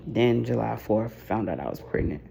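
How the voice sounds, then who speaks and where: Tired woman with a gravelly voice. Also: animated, normal speed, mellow. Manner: tired, low-energy, sighing, heartfelt. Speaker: vlogger. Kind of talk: casual personal vlog. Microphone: camera mic.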